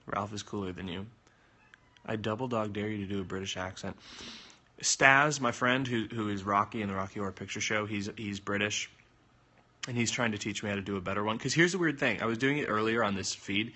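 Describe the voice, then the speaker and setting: A young man chatting casually on a phone livestream, answering viewer comments with jokes and sudden jumps in pitch. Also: normal speed, pushed and bright.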